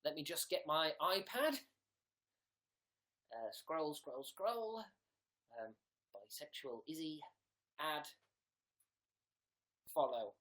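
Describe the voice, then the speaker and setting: Young guy, silly livestream host reading comments, unhurried pace. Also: on the high side, big pitch swings, a bit bright. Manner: silly, playful.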